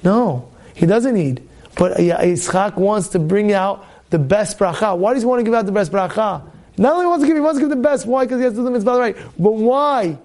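A man's voice: sits high, expressive, brisk, darkish tone. A man teaching a Torah class, impassioned and repetitive, acting out the voices in his stories. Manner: impassioned, repetitive, acts out dialogue. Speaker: rabbi giving a Torah class.

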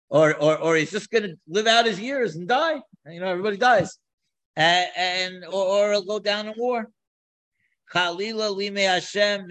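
Animated man teaching scripture. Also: a little high, poor audio. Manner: animated, with many repeats and restarts. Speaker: Torah teacher. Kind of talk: explaining scripture in a class.

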